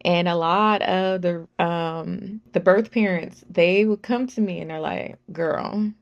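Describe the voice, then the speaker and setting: High-voiced woman vlogging. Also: a little slow, creaky, dull audio. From Southern California. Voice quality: high-pitched, talks like a Valley girl. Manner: animated storytelling, acts out quoted voices. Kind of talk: casual monologue.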